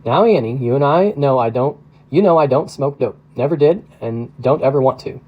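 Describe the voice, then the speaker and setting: A man's voice: medium pitch, animated, moderate pace, highs cut off, close to an everyday voice. A man voicing a weary middle-aged man with dry, understated humor. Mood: wry. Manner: wry, understated.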